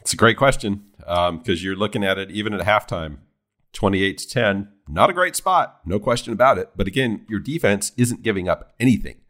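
A man's voice: fairly low pitch, animated, brisk, a bit bright. A man co-hosting a casual sports talk show, rambling and restarting his sentences as he talks. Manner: rambling, many restarts and repeated words. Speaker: sports podcast co-host.

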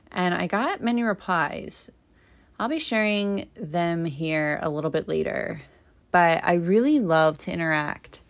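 A young woman hosting her podcast as a doula, chatting in a casual, opinionated way and laughing often. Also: on the low side.

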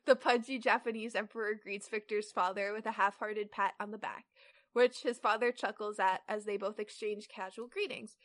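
A woman's voice: mid-range voice, steady tone, moderate pace. A woman in her twenties co-hosting a casual podcast, chatting and reading fan fiction aloud with stumbles and hesitations. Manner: hesitant, stumbling over words while reading. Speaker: podcast co-host.

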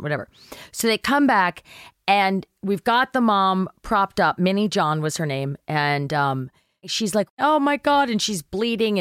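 A woman's voice: lowish voice, dry recording, clean studio sound. A middle-aged woman, an actress guest on a podcast, telling a casual anecdote and acting out the voices of the people in it, with some swearing. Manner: animated storyteller acting out quotes, swears casually.

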